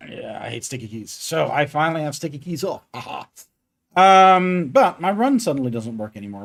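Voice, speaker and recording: A man's voice: a little high, big pitch swings, moderate pace, creaky. A man streaming his game development work, chatting casually and thinking aloud with many fillers. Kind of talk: casual live coding stream.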